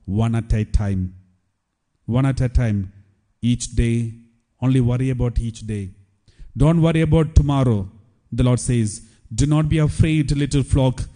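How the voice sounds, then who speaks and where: A priest preaching a sermon, with emphatic repetition. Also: male voice, mid-range voice, dark tone.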